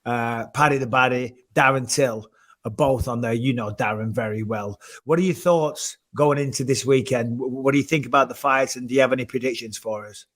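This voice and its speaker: English host, ribbing his guest, casual chat, mid pitch. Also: brisk, fairly bright tone. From England. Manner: jokey, teasing questions. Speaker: podcast host.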